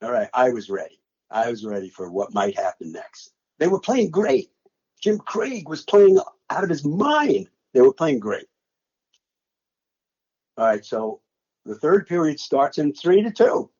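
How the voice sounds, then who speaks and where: An older man recounting a game he once called, his voice rising and falling widely as he acts out his old play-by-play. His tone is somewhat husky and a little high, and the recording sounds dull and lo-fi. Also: sing-song, a little slow, long pauses, a little mellow. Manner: dramatic, re-enacts his own play-by-play calls. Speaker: sportscaster recalling a game he called. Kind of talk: animated storytelling interview.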